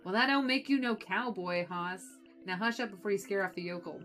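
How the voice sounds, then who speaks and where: Woman doing a loud, rude, hyper little male director in a game, barking orders. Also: medium pitch, brisk, faint music behind, natural voice. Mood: brash. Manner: brash, shouty, condescending. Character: small energetic rude male film director.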